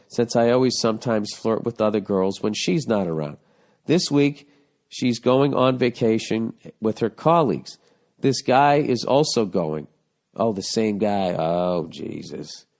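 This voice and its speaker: A man's voice: lowish voice, darkish tone. A man in his forties from the United States, hosting a comedic podcast, ranting bluntly and profanely about a listener's letter. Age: 40s. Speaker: podcast host.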